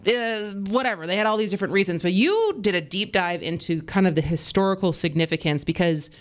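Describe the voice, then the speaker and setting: Lady radio host, chatty and quick, voice bounces all over the place. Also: fairly low pitch, expressive. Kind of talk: casual radio interview.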